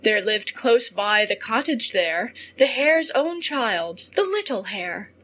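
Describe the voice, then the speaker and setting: A woman reading rhymed children's stories aloud in a slow, expressive storybook manner. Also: on the high side. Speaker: reader of children's verse.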